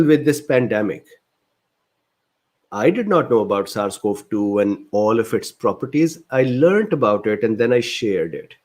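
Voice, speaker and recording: A man's voice: mid-range voice, a little mellow. Indignant man ranting in a Q&A. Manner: reads viewer questions aloud and answers them. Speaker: physician educator answering viewer questions. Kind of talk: livestreamed Q&A lecture.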